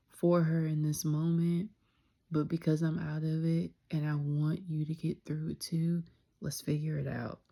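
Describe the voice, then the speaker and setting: A young woman talking candidly in a reflective personal vlog, soft-spoken and sometimes dropping into a whisper. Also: low-pitched, gravelly. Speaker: vlogger.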